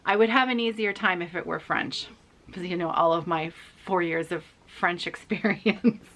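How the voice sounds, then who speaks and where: A middle-aged woman talks casually to her viewers about her needlework, in a chatty, self-deprecating way full of restarts and little fillers. Her voice sits fairly low yet sounds bright and forceful. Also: normal speed. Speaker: cross-stitch vlogger. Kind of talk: casual chat to camera.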